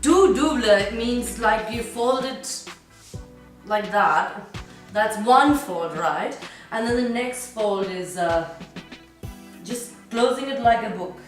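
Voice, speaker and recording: A woman's voice: on the high side, lively intonation, slow pace. A woman presenting a home recipe in a casual cooking vlog, chatty and playful, sometimes half-singing her words, recorded in a home kitchen. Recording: very echoey kitchen with background music.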